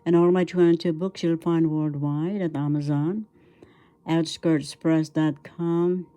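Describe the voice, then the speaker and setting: An older woman from the Philippines, a teacher giving a slow language lesson, drilling words syllable by syllable and repeating them. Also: low-pitched, fairly even intonation, dark tone.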